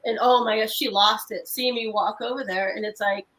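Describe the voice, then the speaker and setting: A fairly high-voiced woman in her thirties tells her story in long, tumbling run-on sentences full of restarts. She sounds earnest and speaks as a guest over a video call. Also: fairly even intonation, normal speed, a bit bright, rough recording. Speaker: guest paranormal investigator. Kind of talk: emotional storytelling in casual chat.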